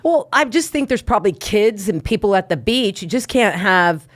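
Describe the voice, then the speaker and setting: A woman's voice: mid-range voice, animated, normal speed. A woman co-hosting a comedy show, chatting casually with bawdy, teasing humor. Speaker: comedy podcast co-host.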